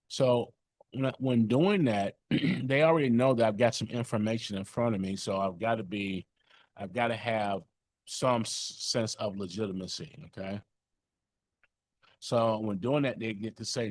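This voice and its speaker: A man's voice: fairly low pitch, measured pace, no room sound. A man leading a sales training session on a call, coaching in a conversational way with lots of fillers and check-ins.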